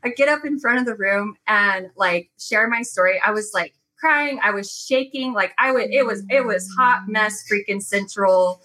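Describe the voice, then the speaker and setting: Woman podcast guest, animated storyteller, bright and forward tone. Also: medium pitch, normal speed, hardly any pauses, rough recording. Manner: animated storytelling, many fillers. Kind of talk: casual chat.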